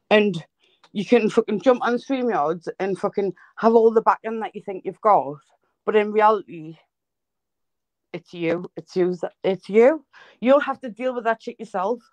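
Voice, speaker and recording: A woman's voice: mid-range voice, a little mellow, dry recording, rough recording. Live-stream host, woman, profane and heated, dry close sound. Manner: sweary, heated, blunt. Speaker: livestream host.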